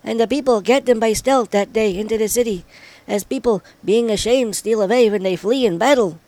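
A man reading an old-style scripture passage aloud in a solemn, measured way. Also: high voice, a little mellow, no room sound, low-quality recording. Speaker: scripture reader.

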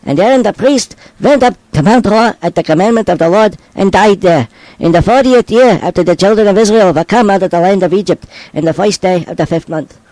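A rabbi reading a list of scripture verses aloud in a steady, measured way. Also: male voice, sits high, no echo. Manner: steady, measured recitation of place names.

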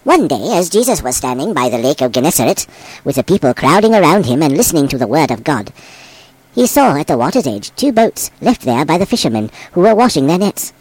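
Male abbot, expressive scripture reading, lively pitch, dry close sound. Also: a little fast, breathy edge, no echo, low-quality recording. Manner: expressive, voices the quoted speakers.

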